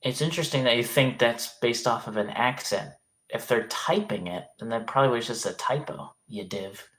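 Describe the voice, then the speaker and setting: A man's voice: mid-range voice, normal speed, a bit bright. Rambling guy chatting on stream. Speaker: livestreamer. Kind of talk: casual livestream chat, reading comments aloud.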